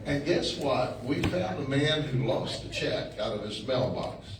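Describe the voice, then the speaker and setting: A man's voice: mid-range voice, expressive, measured pace. A middle-aged man, giving a folksy storytelling talk and acting out the people in his stories. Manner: down-home storytelling, mimics people in the story, chuckles often. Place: meeting room. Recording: echoey room, distant mic, faint hum.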